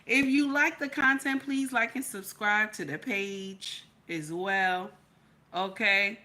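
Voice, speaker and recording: Bright-voiced chatty woman streamer. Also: medium pitch, takes it slowly. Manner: animated, repeats "okay?" constantly. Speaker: livestream host. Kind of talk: casual chat reading viewer comments.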